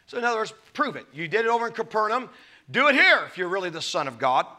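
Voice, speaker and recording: A man preaching a sermon, with dramatic swings between loud and soft delivery, acting out the scripture quotes as he goes. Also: high voice, sing-song, quick pace. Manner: laughs between points. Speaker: pastor.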